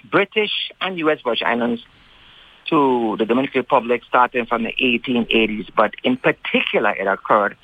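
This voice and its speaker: A male radio guest recounting local history, speaking deliberately slowly with many ums and uhs. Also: mid-range voice, no room sound. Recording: tinny phone line.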